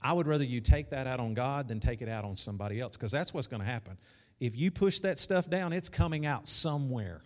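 A man's voice: medium pitch, lively intonation, brisk. A man preaching a sermon as pastor, conversational, repeating key lines and calling out to the congregation. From South Arkansas. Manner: conversational preaching with repetition and call-outs. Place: church sanctuary. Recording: echoey church hall.

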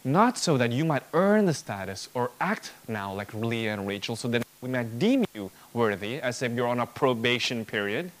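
A man's voice: medium pitch, sing-song, normal speed, few pauses. A man preaching an expository sermon, emphatic, building points through rhetorical repetition.

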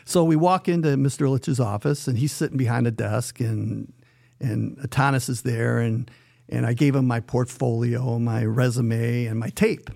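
A man who works as a hockey radio announcer tells a story as a podcast guest. He is an animated storyteller who acts out the dialogue he quotes. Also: medium pitch, moderate pace, vocal fry.

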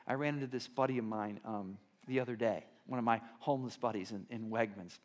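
A man preaching a sermon in a conversational storytelling manner, swinging between loud emphatic lines and quiet asides. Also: on the low side, fairly quick. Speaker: pastor.

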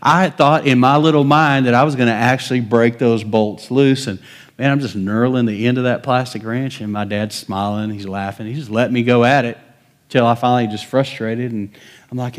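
A middle-aged male pastor preaches in a folksy, conversational way, with his pitch sitting in the middle range. He spins stories and acts out the voices of the people in them. Soft chuckles run through his talk. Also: normal speed. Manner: folksy, chuckles often, acts out quoted dialogue. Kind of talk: sermon with storytelling.

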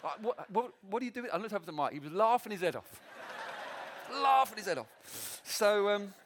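A man preaching a sermon to a church meeting, animated and self-deprecating, often breaking into laughter. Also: sits high, fairly quick, noisy background.

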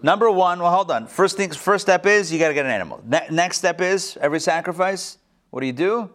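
A man's voice: high voice, expressive, brisk, a bit bright. A man casually teaching a study class, asking the group questions and making joking asides.

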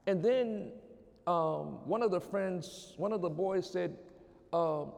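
A man's voice: sits high, slow, creaky, darkish tone, long reverb tail. A man preaching a sermon as pastor, telling a story and building to emphatic call-outs to the congregation. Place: church sanctuary.

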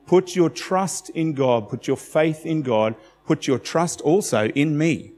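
A man's voice: mid-range voice, a little mellow, in a large hall. A man preaching a sermon in a conversational, emphatic way, telling stories with animation.

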